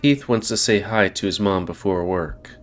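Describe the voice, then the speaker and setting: A man's voice: deep voice, normal speed, natural voice. A man voicing a snooty young female animal with a dopey, childish undertone in a visual novel. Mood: eerie. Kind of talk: reading a visual novel aloud.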